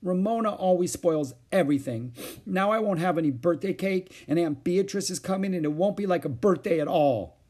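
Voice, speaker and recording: An upset young girl cries out in a raised, pleading voice, as a man reading a storybook puts her on. Her lively tone swings widely, with a slightly husky edge. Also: fairly high pitch, moderate pace, hardly any pauses, pitched above the performer's own voice, full character voice. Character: young girl, worried and indignant older sister.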